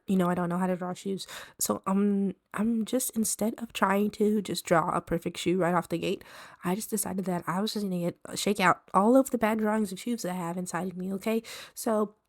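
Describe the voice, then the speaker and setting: A woman with a stuffy voice from allergies, chatting casually and self-deprecatingly in an art vlog as she draws. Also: mid-range voice. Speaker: art vlogger. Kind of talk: casual chat while drawing.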